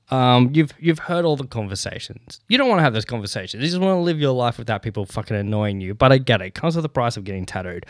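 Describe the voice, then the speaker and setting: A man's voice: mid-range voice, dry recording, clean studio sound. A man hosting a casual solo podcast, telling stories with lots of swearing, laughing between lines and getting worked up in rants. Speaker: podcast host.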